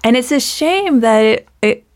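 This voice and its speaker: A woman's voice: a little high, animated, measured pace, a little mellow. A woman hosting a conversation in a chatty, playful way, asking follow-up questions. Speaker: host. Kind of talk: casual chat.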